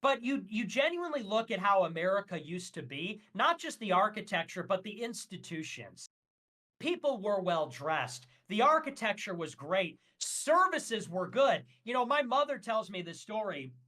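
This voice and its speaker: A man's voice: high voice, sing-song, normal speed, bright, forceful tone. A man talking as a guest on a casual livestream, ranting emphatically and with strong opinions, with frequent fillers.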